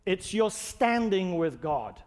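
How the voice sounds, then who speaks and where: Male pastor, high voice, earnest emphatic sermon delivery in a church sanctuary. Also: sing-song, slow, darkish tone. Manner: emphatic, earnest, builds to raised stresses. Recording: long hall reverb.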